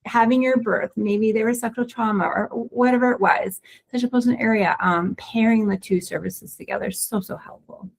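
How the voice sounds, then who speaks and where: A woman who is a pelvic floor physical therapist, co-hosting a webinar and explaining recovery in a quick, excited, casual way with many restarts. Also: fairly high pitch, gravelly. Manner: fast, excited talker with frequent restarts.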